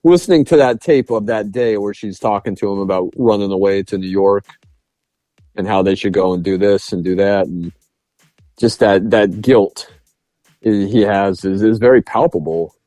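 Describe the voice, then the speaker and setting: Laid-back low-voiced man reviewing a film. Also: normal speed, mellow, no room sound, soft background music. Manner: loose and chatty, acts out movie lines with laughs. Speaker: podcast co-host. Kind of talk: casual film review chat.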